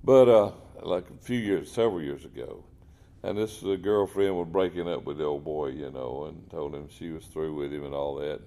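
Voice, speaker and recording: Man, very low gravelly voice, dark tone, folksy earnest talk. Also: steady tone, normal speed. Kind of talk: casual Christian talk.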